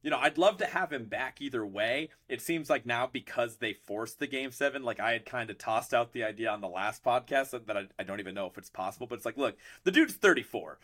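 Fast-talking male podcast host. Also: medium pitch. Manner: animated, rambling with many restarts. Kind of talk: casual sports chat.

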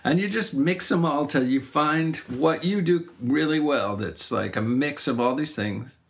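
A middle-aged singer-songwriter chats casually about his craft, reflective and rambling, often restarting his sentences. His voice is slightly high and creaky, and he speaks at a measured pace.

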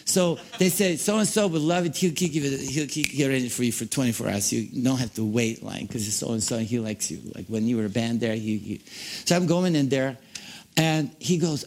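Bulgarian-accented preacher telling a story. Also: male voice, mid-range voice, brisk. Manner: animated, storytelling with quoted voices and broken English. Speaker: podcast host and preacher. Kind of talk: storytelling sermon.

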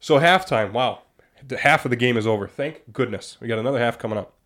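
A young man hosting a casual sports talk show, animated and exasperated, often laughing. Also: medium pitch, quick pace. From Wisconsin. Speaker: sports podcast host.

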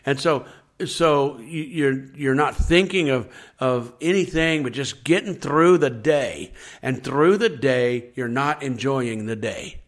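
A man's voice: mid-range voice, takes it slowly. Man, pastor, faith podcast talk, earnest, repetitive, acts out complaints. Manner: earnest, repetitive preaching with acted-out complaining quotes.

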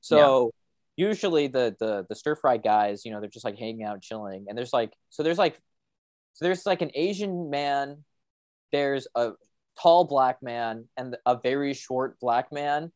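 A man's voice: mid-range voice, measured pace, a little mellow, no echo. A young man who is a college student, chatting casually and telling rambling, crude, joking stories over a video call. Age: young adult. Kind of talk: casual chat.

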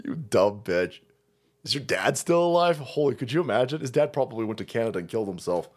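A man's voice: mid-range voice, expressive, fast talker. A man hosting a livestream, ranting in a profane, mocking way and laughing often. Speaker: livestream host.

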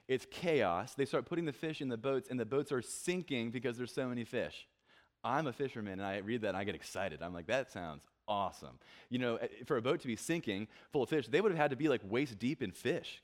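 A man preaching a sermon in a relaxed, conversational way, with many fillers, and acting out the people he quotes in a lower, offhand voice. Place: church.

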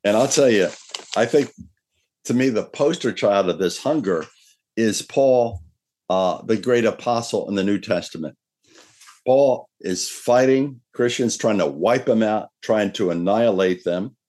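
Male pastor, low voice, earnest sermon delivery with slow scripture readings. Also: darkish tone. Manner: earnest preaching, slows and lifts his voice when reading scripture.

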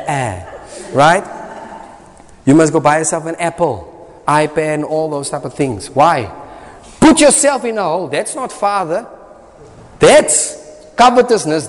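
A South African man preaches with emphatic, punchy delivery, slipping into Afrikaans phrases. His voice sits fairly high, and it rings out with a long reverb, as if recorded in a church hall. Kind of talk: sermon.

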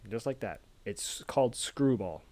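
A man's voice: mid-range voice, expressive, unhurried, darkish tone. A man co-hosting a casual podcast from home over a video call, rambling and joking with friends. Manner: rambling, self-correcting, joking. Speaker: podcast co-host. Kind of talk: casual chat.

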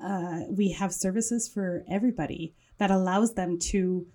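A native French speaker with a French accent talks enthusiastically as a guest in a podcast studio, describing her wellness business and running through long lists. Her medium-pitched, mellow voice moves at a normal speed in this casual interview chat.

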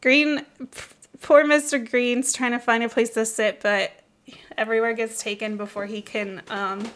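A young woman with a bright, high-leaning voice recapping a film with a friend in loose, giggly podcast chat. She rattles along quickly, excited and breaking into laughter between points. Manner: fast, excitable, laughs often. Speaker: podcast host.

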